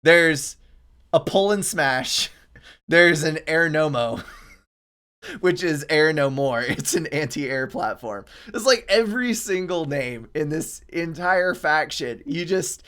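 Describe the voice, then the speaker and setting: A man's voice: on the high side, expressive, slow, fairly bright tone. A man co-hosting a gaming podcast in casual chat, telling things with chuckles and animation.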